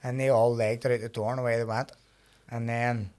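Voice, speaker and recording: A man, a podcast guest telling a story in casual chat, animated and acting out quotes, swearing freely. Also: medium pitch, brisk.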